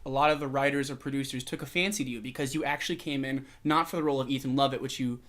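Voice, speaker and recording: A man's voice: mid-range voice, steady tone, very fast, fairly bright tone. Playful male podcast host. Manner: playful, jokey questions. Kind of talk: casual interview.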